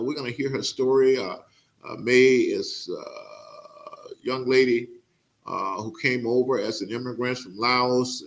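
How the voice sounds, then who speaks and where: A middle-aged man from Mississippi hosts a podcast interview. His voice sits fairly low, and he speaks earnestly, pausing often on "uh" as he gathers his thoughts. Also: sharp tone. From Mississippi, USA. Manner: halting, many "uh" fillers, earnest. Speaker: podcast host. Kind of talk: casual interview introduction.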